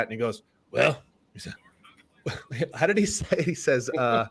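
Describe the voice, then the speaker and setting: A man co-hosting a sports podcast, chatting casually and telling stories in a relaxed way that often trails off quietly. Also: medium pitch, a little slow, long pauses. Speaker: podcast co-host.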